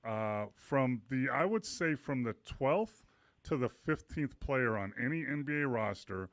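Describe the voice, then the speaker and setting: An older man chats as a sports radio guest, easygoing and quick to chuckle. His pitch rises and falls a lot as he talks. The sound is close and dry. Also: lively intonation, dry recording. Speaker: guest, former pro basketball player. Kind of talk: casual sports radio chat.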